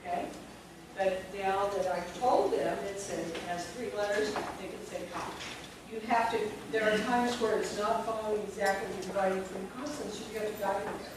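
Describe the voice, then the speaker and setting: A woman's voice: mid-range voice, fairly even intonation, noisy background. Teacher woman, echoey far-off room. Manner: slow, deliberate word-by-word enunciation with frequent "okay?" checks. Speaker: teacher trainer. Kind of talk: classroom phonics lesson for teachers.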